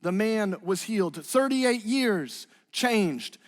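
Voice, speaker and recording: A man's voice: high-pitched, lively intonation, slow pace, in a large hall. A man preaching a sermon as a student ministry pastor, earnest, building intensity as he retells scripture. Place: church auditorium.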